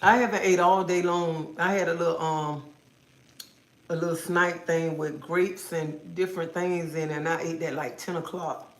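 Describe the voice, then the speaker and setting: A talkative woman hosts a relaxed livestream from her home, teasing and scolding her viewers with sass. Her voice carries a noticeable roomy echo, as if she is talking into a phone in an open room. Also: fairly low pitch, normal speed. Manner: sassy, chatty, scolding viewers playfully. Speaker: livestream host. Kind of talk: casual livestream chat with viewers.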